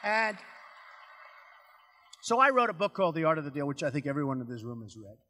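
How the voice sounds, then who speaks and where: A man's voice: on the high side, very animated, brisk, sharp tone, a little hiss or hum. An older man giving a rambling, boastful political speech to an audience, repeating himself and acting out phone calls. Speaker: political speaker. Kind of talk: rally speech. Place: large hall before an audience. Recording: speech in a large echoing hall.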